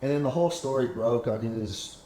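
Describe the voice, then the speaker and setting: A man's voice: mid-range voice, brisk, mellow. A man hosting a casual chat, telling rambling stories and acting out what others said. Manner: rambling storyteller, acts out quoted talk. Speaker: podcast host. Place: penthouse apartment. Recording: echoey room, faint background hum.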